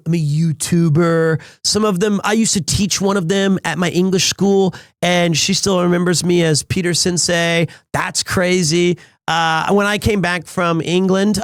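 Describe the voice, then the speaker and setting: Guy streaming, rambles and restarts a lot, kinda high voice. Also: dry recording, clean studio sound. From United States. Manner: rambling storyteller with frequent restarts. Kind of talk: casual stream chat.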